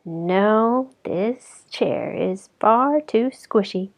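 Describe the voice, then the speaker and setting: A woman voicing a grumpy, fussy little girl in a read-aloud storybook, with drawn-out complaining lines. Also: mid-range voice, animated, gravelly, exaggerated voice.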